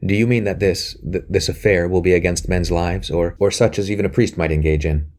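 A man reading the part of a troubled, hesitant young man in an audiobook, speaking slowly and low. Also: fairly even intonation, a little mellow, close to an everyday voice.

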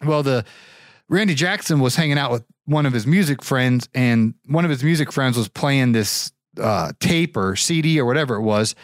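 A man spins a long, wandering personal anecdote in an easy, chatty way, his voice at an ordinary middle pitch. He often climbs higher as he mimics other people. The sound is dry, with no room echo. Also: normal speed. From Ohio. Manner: rambling, animated, pitches up for quoted voices. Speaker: show regular telling a story. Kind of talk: casual storytelling.

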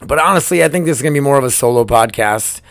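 A man's voice: mid-range voice, animated, fast, dry recording. Casual rambling male podcast host. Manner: loose, rambling, profane, upbeat. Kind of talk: casual solo podcast chat. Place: storage room at work. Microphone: laptop microphone.

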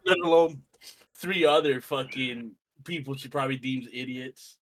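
A man's voice: medium pitch, moderate pace, dry recording. Wry podcast guy, dry close sound. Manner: dry, wry remarks with swearing. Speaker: podcast co-host. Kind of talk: casual podcast chat.

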